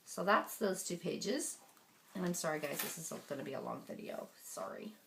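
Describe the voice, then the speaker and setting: A woman crafter giving a casual show-and-tell of her handmade scrapbook album, chatty and relaxed, with frequent ums as she turns the pages. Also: lowish voice, moderate pace, gravelly, slight background noise.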